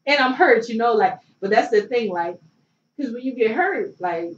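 A woman's voice: on the high side, expressive, normal speed. Chatty young woman from Philadelphia. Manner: loose and chatty, filler-heavy with many likes and you knows. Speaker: guest, former pro basketball player. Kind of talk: casual storytelling interview. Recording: roomy, distant, dull sound with faint noise.

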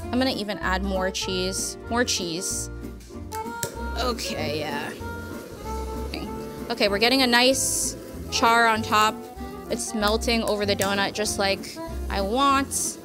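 A young woman hosting a casual cooking demonstration in a studio kitchen, chatty, joking and self-deprecating as she works. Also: medium pitch. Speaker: cooking show host.

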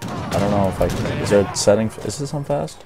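A man's voice: lowish voice, expressive, fast talker, loud music behind the voice. A young man doing casual let's-play commentary, chatty and self-deprecating, laughing often. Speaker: gaming host.

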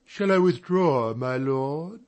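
A man playing a composed, dignified butler who answers with measured formality. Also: mid-range voice, lively intonation.

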